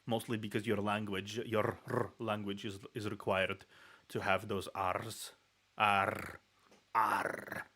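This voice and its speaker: A man with a Russian accent hosts a casual reaction stream, rolling his R's as he rambles. His voice sits fairly low, and he laughs often, stumbling and restarting his sentences. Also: flat delivery, measured pace, a bit bright. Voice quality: rolled R's. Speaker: VTuber streamer.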